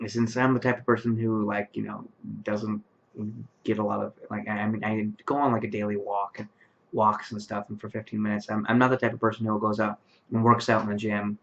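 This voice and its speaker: A man's voice: lowish voice, little pitch movement, brisk. Tired, rambling man on a webcam mic. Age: late 20s. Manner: rambling, many fillers and restarts. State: tired, yawning late at night. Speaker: vlogger. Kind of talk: casual talk to camera. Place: his bedroom. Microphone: webcam microphone. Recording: dull lo-fi webcam sound.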